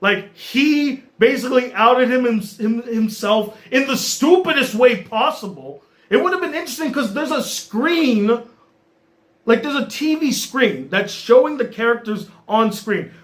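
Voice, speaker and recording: A man reviewing a movie in an exasperated, animated rant. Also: sits high. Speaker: movie critic.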